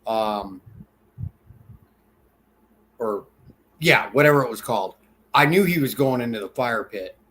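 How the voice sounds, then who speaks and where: A man co-hosting a casual political chat, rambling and halting with many fillers and restarts. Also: medium pitch, lively intonation, fairly bright tone. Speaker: podcast co-host.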